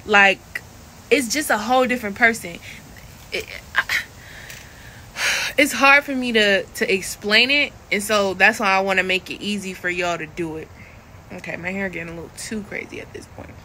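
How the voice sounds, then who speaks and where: A woman's voice: medium pitch, moderate pace, pushed and bright, a little hiss or hum. A woman from Florida talking in a chatty, blunt way, coaching her viewers in a casual vlog. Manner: chatty and blunt, laughs often. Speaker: online coach.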